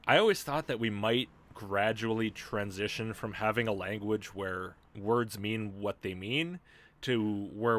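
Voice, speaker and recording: A man hosting a livestream, chatting animatedly and laughing, a little deadpan at times, over a computer mic. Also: fairly low pitch. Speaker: livestream host. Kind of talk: casual chat.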